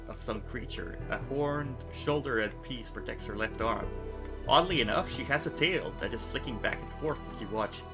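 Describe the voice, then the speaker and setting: A man streaming himself reading a video game's narration aloud, steady and plain, with casual asides. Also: mid-range voice.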